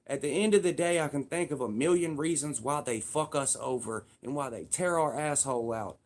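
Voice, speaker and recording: A man's voice: medium pitch, a little fast. A man in his thirties giving a heated, profane casual rant, repeating himself for emphasis. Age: 30s.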